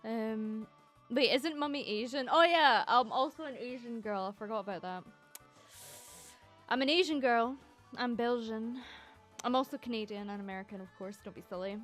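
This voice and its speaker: Sex: woman. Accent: put-on Scottish. Pitch: fairly high. Style: rambling, giggly livestream chat with cursing. Behind: faint music. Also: normal speed. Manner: rambling, giggly, swears freely, sudden bursts then soft murmurs. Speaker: streamer writing an ASMR script.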